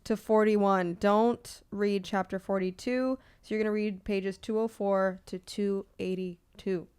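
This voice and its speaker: A woman's voice: medium pitch, steady tone, a little slow, a little mellow, clear, resonant tone. A woman co-host chatting casually about a book she is reading. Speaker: podcast co-host. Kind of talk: casual chat.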